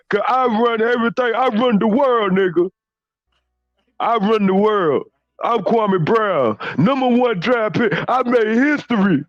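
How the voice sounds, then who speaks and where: A man impersonates a boastful, arrogant ex-basketball star in a comedic rant, swearing as he brags and stammering through repeated restarts. His voice sits high; the audio is dull, with no echo.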